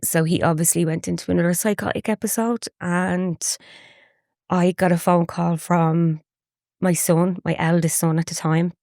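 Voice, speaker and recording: A woman, a podcast guest telling a personal story in a halting, emotional way with frequent restarts. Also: lowish voice, steady tone, creaky, a little mellow, no room sound, clean studio sound.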